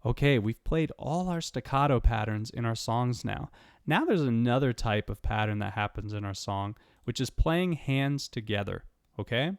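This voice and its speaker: A man's voice: mid-range voice, animated, moderate pace, clean tone, no echo, studio quality. A man teaching a step-by-step piano lesson, patiently counting and naming notes aloud as he plays. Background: piano playing.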